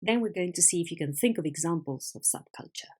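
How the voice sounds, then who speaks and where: A native Spanish speaker teaches an English vocabulary lesson, patiently and clearly asking questions and confirming answers. Her voice is fairly low and warm, with lively intonation and a fast pace.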